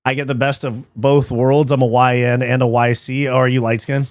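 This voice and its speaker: A man's voice: medium pitch, little pitch movement, fairly quick, no echo, clean studio sound. Loose, swearing male stream host. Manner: loose, swears a lot, laughs easily. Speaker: host of a live fight watch party. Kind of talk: casual live-stream chat, reading chat aloud.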